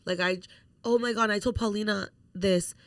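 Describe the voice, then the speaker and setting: A woman's voice: mid-range voice, normal speed, dry recording. A young woman co-hosting a podcast, telling a story in casual chat with lots of swearing and acted-out quotes. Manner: animated storytelling, swears freely, acts out quotes. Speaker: podcast co-host.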